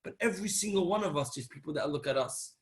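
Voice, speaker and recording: A man giving a Torah talk as a sermon, telling a story and acting out its dialogue, swinging between loud and soft. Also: fairly high pitch, animated, fast talker.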